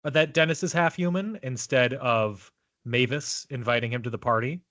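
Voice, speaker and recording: A man's voice: medium pitch, normal speed, fairly bright tone, no room sound. A man co-hosting a film podcast in casual chat, reading out trivia and teasing his co-host. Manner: reads trivia, playful and teasing.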